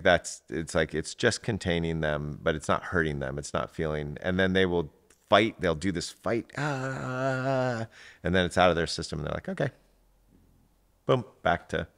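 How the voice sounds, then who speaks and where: A middle-aged man with an extremely deep, gravelly voice tells stories as a guest coach. He talks in an animated way and leaps up in pitch to act out the people in his anecdotes. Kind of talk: conversational storytelling.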